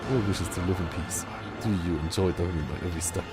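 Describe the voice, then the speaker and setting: A man reading the lines of a gruff, self-pitying male warrior in a video game, with exasperated outbursts over loud game music. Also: deep voice, fairly even intonation, fast, lightly acted. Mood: bitter, sulky.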